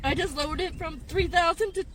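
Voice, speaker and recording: A woman's voice: very high-pitched, brisk, fairly bright tone, a little hiss or hum. A woman in her fifties, tearful and distraught, venting in a rambling way to her phone from inside her car. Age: 50s. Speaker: gig delivery driver.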